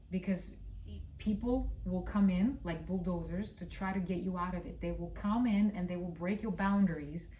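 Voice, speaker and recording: In a roomy recording where she sits far from the mic, a Russian-accented woman rambles through a laid-back astrology reading, using fillers and blunt curses. Her voice is medium-pitched and a little mellow.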